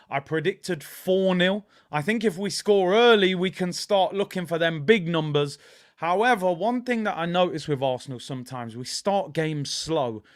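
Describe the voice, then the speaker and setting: A fairly high-voiced man from England chats through a live football watchalong. He is excitable and rambling, full of fillers as he talks. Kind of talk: casual live-stream chat.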